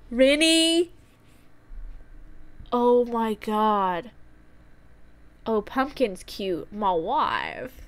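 A young woman live-streaming a farming game, chatty and excitable, often giggling and reacting out loud. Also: sits high, slow, pauses often.

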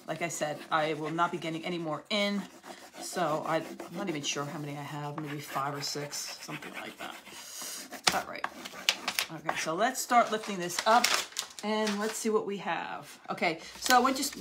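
A woman's voice: mid-range voice, a bit bright, a little hiss or hum. A woman hosting a live crafting demonstration, chatting casually with viewers while she works. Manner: chatty, friendly, talks while working. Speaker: craft channel host.

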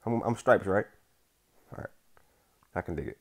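A young man giving casual gameplay commentary, using slang and swinging between hushed focus and loud outbursts. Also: deep voice, animated, moderate pace. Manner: casual slang, says bro and y'all. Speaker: gaming YouTuber.

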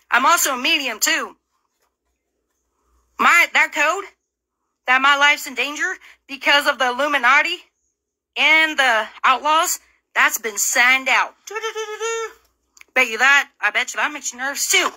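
Woman from illinois ranting mad, cussing a lot, taunting questions, high voice. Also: bright, forceful tone. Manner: confrontational, profane, taunting rhetorical questions. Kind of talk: angry direct-to-camera rant.

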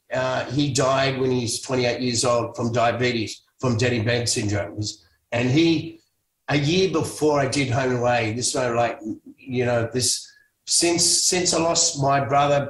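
A man, a former actor, telling stories in a casual interview, rambling with many restarts and the odd swear word. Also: medium pitch. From Australia. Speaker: guest, former soap actor. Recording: echoey room, distant mic, faint noise.

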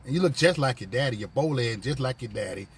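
A man's voice: mid-range voice, expressive, quick pace, slightly rough. A man hosting a casual live stream from his phone, talking loosely in profane, rambling banter with viewers. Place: on a work break, vehicle sounds nearby.

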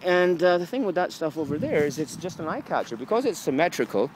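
Man, rambling profane rant, lively swooping pitch, outdoor city street, loud traffic noise. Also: quick pace, low-quality recording. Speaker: vlogger.

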